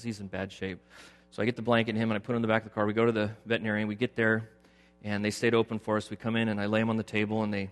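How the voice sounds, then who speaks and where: Man preaching in an echoing hall. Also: fairly low pitch. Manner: swings from loud emphatic preaching to quiet storytelling. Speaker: pastor. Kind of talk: sermon with personal story. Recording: long hall reverb with faint music.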